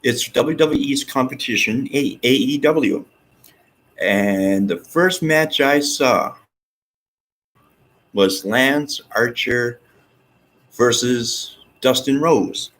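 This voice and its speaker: Man, casual vlog monologue, rambling, excitable, unhurried. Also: medium pitch, poor audio. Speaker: vlogger.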